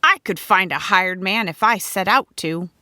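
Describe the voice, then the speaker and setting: A woman's voice: mid-range voice, normal speed, pushed and bright, dry recording, studio quality, natural voice. Woman doing snappish, complaining Gladys. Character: Gladys, cranky snappish farm wife.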